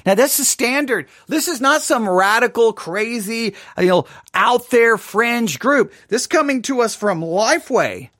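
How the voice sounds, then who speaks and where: A male Bible teacher delivers a long sermon in a loose, conversational way, needling his listeners with sarcasm. His pitch leaps and dips all over the place. The recording is dry and close. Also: animated, a little slow, few pauses, a bit bright, dry recording.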